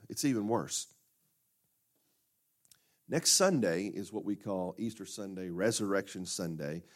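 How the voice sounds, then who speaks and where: A man preaching a sermon as pastor, talking plainly and conversationally, then breaking into sudden loud bursts. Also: lowish voice. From United States. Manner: conversational and plainspoken, with fillers and restarts.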